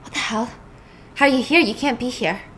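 A shaken male marshal, voiced by a woman narrator pleads in disbelief. Her voice stays fairly high, with a faint hiss behind it. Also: a little fast, a bit bright, close to an everyday voice.

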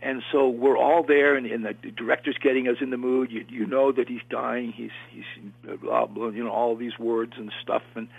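An older man, an actor, telling an animated story in a casual interview, with lots of restarts and acted-out quotes. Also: mid-range voice, moderate pace, vocal fry, hardly any pauses, husky, no room sound. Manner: animated, repeats and restarts, acts out quoted voices. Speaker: actor guest recalling film work. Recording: tinny phone-line sound.

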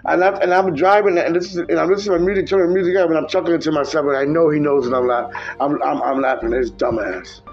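A man telling rambling, profane stories from his driving work in a casual podcast chat, jumping into a high voice when quoting people. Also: fairly even intonation, fast, highs cut off. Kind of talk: casual storytelling.

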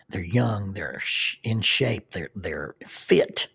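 Husky Southern man telling stories. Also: low voice, expressive, slow, bright, forceful tone, no room sound, clean studio sound. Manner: folksy and self-deprecating, laughs while telling. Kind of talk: casual storytelling.

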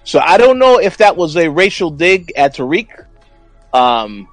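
A man co-hosting a casual TV recap podcast breaks down scenes in animated analysis, often stammering and restarting. His fairly high voice is unhurried, with no room sound, though the low-quality recording has soft background music.

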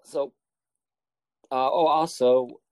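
A man's voice: mid-range voice, fairly even intonation, very slow. A man hosting a podcast in casual, joking chat, laughing often and rambling loosely. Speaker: podcast host.

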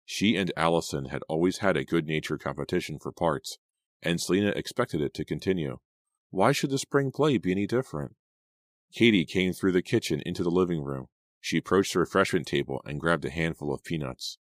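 A man narrating an audiobook in a steady storytelling manner. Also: low-pitched, a little fast, no room sound, studio quality. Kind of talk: scripted narration.

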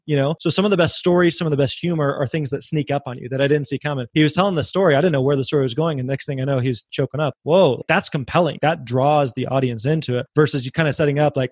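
Man, panel guest, quick pace, dry close sound, lively casual chat. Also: on the high side, dry recording. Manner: animated, acts out audience reactions.

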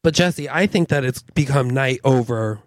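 A man co-hosting a podcast, improvising a comic story in a crude, rambling, deadpan way. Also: medium pitch, moderate pace, no room sound, clean studio sound. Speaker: podcast co-host.

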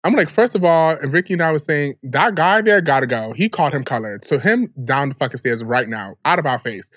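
A young man with a fairly high voice tells his story quickly and with sass on a podcast. He quotes each line of dialogue with attitude, and the sound is close and dry. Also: lively intonation, a bit bright, no room sound. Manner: sassy, rapid recounting with quoted dialogue. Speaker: podcast co-host. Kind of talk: casual chat.

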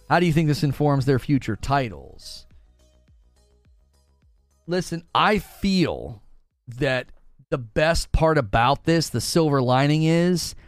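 A man's voice: mid-range voice, no room sound. A man giving heated, opinionated commentary in a casual way, repeating himself for emphasis. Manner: emphatic, heated, repeats words, mocking quoted voices. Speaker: gaming commentator.

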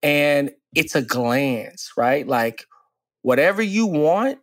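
A man in his forties, co-hosting a casual podcast as a relationship coach. He talks earnestly and reflectively, drawing out key phrases slowly. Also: fairly high pitch, sing-song, fairly bright tone, no echo, studio quality.

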